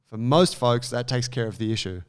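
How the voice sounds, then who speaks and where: A man co-hosting a casual podcast. He talks in a relaxed, measured way and keeps his advice practical and down to earth. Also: mid-range voice, clear, resonant tone. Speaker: podcast co-host. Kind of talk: casual podcast chat giving training advice.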